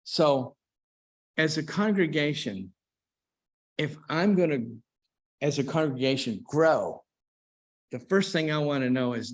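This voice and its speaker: Slow-talking man teaching a church congregation. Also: a little high, lively intonation. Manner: unhurried, conversational, with restarts and asides to the congregation. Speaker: preacher. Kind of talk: church class talk on hymns. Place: church auditorium.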